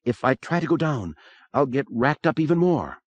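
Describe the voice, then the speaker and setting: A man reading aloud, voicing a sharp-tongued young woman who panics when the floor gives way. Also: medium pitch, big pitch swings, moderate pace, dry recording, highs cut off, voice pushed up. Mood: panicked. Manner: snappish, then panicked.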